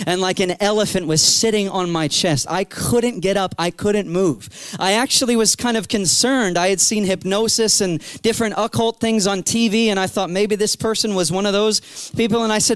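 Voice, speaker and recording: A man in his thirties preaching a sermon, telling his story with animated energy and acting out his own past cries. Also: high voice, normal speed, clear, resonant tone, no room sound. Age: 30s.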